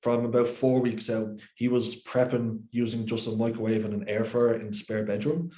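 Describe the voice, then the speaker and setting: A man's voice: medium pitch, steady tone, moderate pace, dark tone. A man coaching and hosting a casual podcast chat, talking bluntly and swearing freely. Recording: roomy echo.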